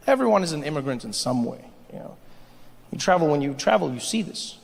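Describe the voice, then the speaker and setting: A male stand-up comedian telling an animated, playful story to a live audience on a large theater stage. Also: on the high side, brisk, vocal fry, long reverb tail, a little hiss or hum. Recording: live theater, crowd laughter.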